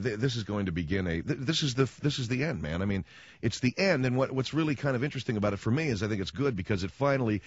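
A man's voice: mid-range voice, no echo, lo-fi sound. Wry male radio talk host. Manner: wry, sarcastic storytelling with acted-out quotes. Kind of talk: casual radio monologue. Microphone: studio microphone.

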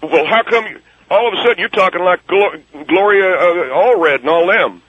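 A man's voice: high-pitched, normal speed, lo-fi sound, a little hiss or hum, voice pushed up, natural voice. A man voicing a crude, defensive businessman who mocks and insults callers. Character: crude defensive male businessman, self-pitying. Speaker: guest character.

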